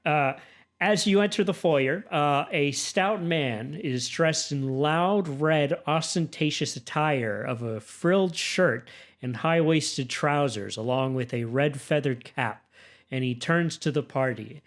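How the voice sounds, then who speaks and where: Guy dm narrating the scene, slightly high voice, lots of uhs. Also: unhurried. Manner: descriptive, with fillers. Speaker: game master. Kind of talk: narrating a tabletop game.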